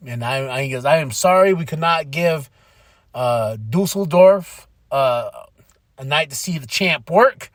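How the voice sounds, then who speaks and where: A man hosting a podcast, recapping wrestling in a casual, excitable monologue and quoting people in quick voices. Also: a little high, no room sound.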